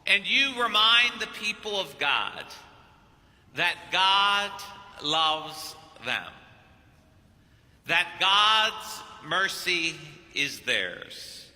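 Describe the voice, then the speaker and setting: A man acts out an elderly Argentinian churchman, gentle and solemn, whose low voice drops and slows into grave pleading. The words ring out in a reverberant church hall. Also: full character voice. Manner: slow, grave, deliberate pleading.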